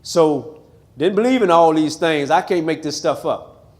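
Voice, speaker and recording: A man's voice: on the high side, a little slow. A man of around sixty from Missouri, a pastor giving a live testimony talk in a chapel with emphatic, preacher-like storytelling. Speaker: pastor telling his life story.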